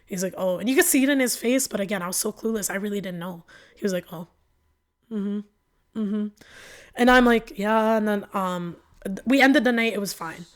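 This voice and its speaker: A young woman, a podcast guest, telling a personal story with lots of fillers and quoted back-and-forth, emotional and animated. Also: medium pitch, normal speed. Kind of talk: candid storytelling.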